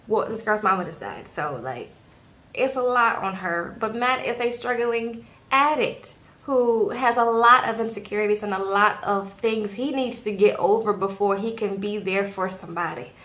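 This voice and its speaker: A woman's voice: medium pitch, a bit bright, rough recording. A woman vlogger recapping a reality show in a chatty, filler-heavy way, talking straight to her viewers from a room at home. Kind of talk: casual TV recap.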